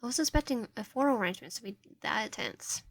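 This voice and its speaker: A woman's voice: a little high, lively intonation, fast talker. A woman streamer reading a visual novel aloud, narration and player lines, often stumbling and restarting. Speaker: game streamer.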